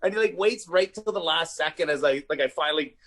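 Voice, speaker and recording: A man who is a comedian guest telling rowdy stories in casual chat, animated and swearing, often laughing. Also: fairly high pitch, fast talker. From Canada. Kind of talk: casual storytelling.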